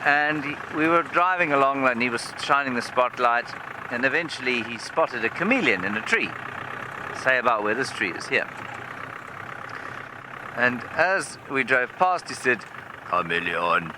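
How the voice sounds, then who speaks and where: Outdoors, with a vehicle engine running, a man working as a safari guide tells a funny story live from a game drive vehicle. His voice is medium-pitched and animated, at normal speed.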